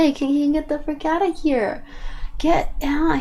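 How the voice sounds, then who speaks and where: A woman's voice: high-pitched, fairly even intonation, moderate pace, mellow, a little hiss or hum. A young woman livestreamer in casual chat, answering viewers' messages aloud, blunt and swearing freely.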